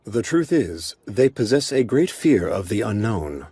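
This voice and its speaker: An actor voicing a calm, protective ancient male golem lord in an anime dub, speaking in a measured way. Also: on the low side, slightly rough, dry recording, heavily acted. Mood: solemn.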